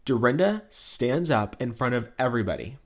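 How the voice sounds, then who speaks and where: A man co-hosting a podcast, talking through reality TV gossip in an easy, chatty way. His voice sits at an ordinary pitch for a man. He tells each story with energy, slipping into little acted quotes and filling gaps with "like". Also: moderate pace. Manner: animated storytelling, acts out quotes, many "like" fillers. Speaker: podcast co-host. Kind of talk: casual gossip chat.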